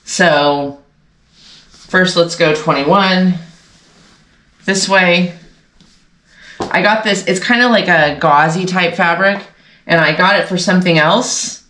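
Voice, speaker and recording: A woman's voice: fairly low pitch, slow pace, long pauses, a bit bright. A woman hosting a casual sewing vlog, chatting to viewers in a rambling way, often correcting herself, and sounding congested. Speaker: sewing channel host. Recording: echoey room.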